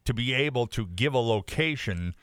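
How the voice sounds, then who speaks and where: A man's voice: medium pitch, expressive, normal speed, a bit bright, clean tone, dry recording, studio quality. A man on a casual talk show, explaining his points with frequent fillers. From Massachusetts. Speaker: co-host. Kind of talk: casual chat.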